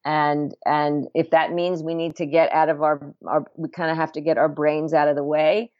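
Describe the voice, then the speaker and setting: A woman's voice: low voice, flat delivery, moderate pace, dry recording. A middle-aged woman, a home birth midwife, talking earnestly as a podcast guest, often restarting her words and laughing. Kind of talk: podcast interview talk. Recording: dull lo-fi sound, dry.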